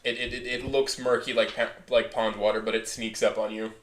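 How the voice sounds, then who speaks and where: A man hosting a casual podcast chat, halting and restarting often. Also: mid-range voice, flat delivery, fairly bright tone, slight background noise. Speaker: podcast host. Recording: echoey room.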